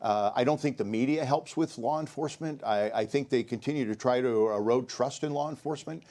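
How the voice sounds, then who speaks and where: A man's voice: medium pitch, fairly quick, mellow. A middle-aged man, a sheriff candidate, answering a debate question earnestly, repeating words and listing points. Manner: earnest, repetitive, lists points.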